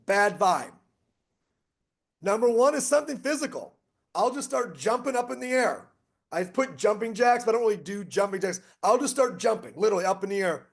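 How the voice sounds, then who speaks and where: A man's voice: extremely high pitch, vocal fry. A middle-aged man presenting a motivational online strategy session, emphatic and repetitive as he rattles off lists. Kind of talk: motivational webinar talk.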